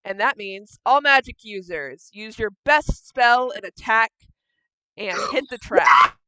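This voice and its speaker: A woman game master narrates a tabletop game in a casual, profane manner and bosses her players about. Her voice is bright and strikingly clear, recorded dry and close. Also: mid-range voice, animated, slow pace, no room sound. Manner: casual, swears freely, bossy with players.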